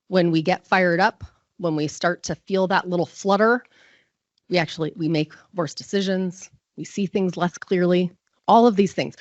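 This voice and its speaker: A woman's voice: fairly low pitch, dry recording, lo-fi sound. A woman giving a live conference talk, chatty and self-deprecating, full of fillers. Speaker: conference presenter.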